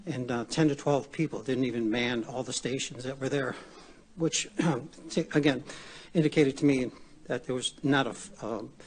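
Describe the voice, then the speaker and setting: A man out of breath, giving unscripted testimony at a hearing, halting with many pauses and restarts. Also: medium pitch, steady tone. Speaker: public testimony witness.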